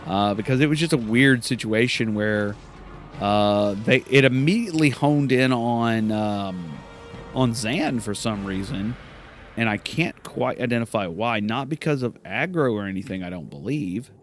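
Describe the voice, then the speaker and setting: A man's voice: lowish voice, measured pace, faint music behind. A man hosting a let's play, giving casual gameplay commentary, rambling and correcting himself with many fillers.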